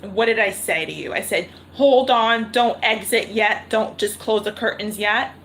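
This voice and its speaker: A woman's voice: medium pitch, moderate pace, creaky, a bit bright, slight background noise, rough recording. A woman reading tarot cards on a livestream, thinking aloud and repeating her questions to spirit. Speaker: tarot reader. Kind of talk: live-streamed tarot reading.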